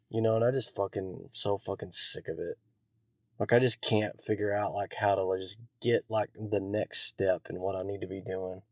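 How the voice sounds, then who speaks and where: A man's voice: on the low side, a little mellow, no room sound, studio quality. A man hosting a solo podcast, ranting in a bitter, profane, self-lacerating way, rambling with many restarts. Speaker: podcast host. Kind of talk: solo rant.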